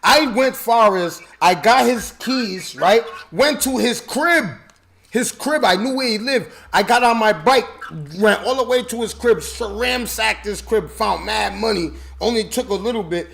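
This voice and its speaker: A man in casual chat, telling animated, loud stories with lots of laughter. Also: sits high, measured pace, creaky.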